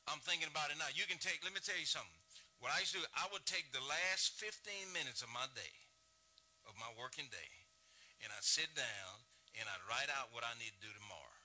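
A man's voice: fairly high pitch, pushed and bright. A middle-aged man preaching a sermon as pastor, folksy and rising and falling in his delivery.

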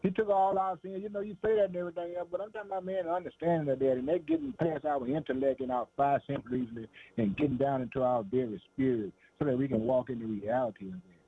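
A man's voice: mid-range voice, fast, hardly any pauses, breathy edge. A man preaching a sermon with fervent, call-out phrasing and frequent laughs. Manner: fervent, calls "boy" and "man", laughs between lines. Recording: tinny phone-like radio sound.

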